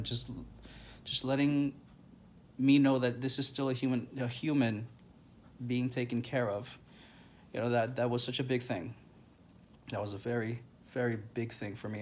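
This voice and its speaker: A grieving man telling a personal story to camera in a halting, emotional way, with many pauses and restarts. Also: medium pitch, a little hiss or hum.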